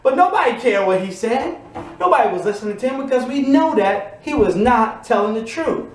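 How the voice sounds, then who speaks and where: A man's voice: very high-pitched, animated, a little fast. Preaching man in an echoey room. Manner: rising to emphatic shouts, repeating refrains. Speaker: motivational preacher. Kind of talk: motivational sermon.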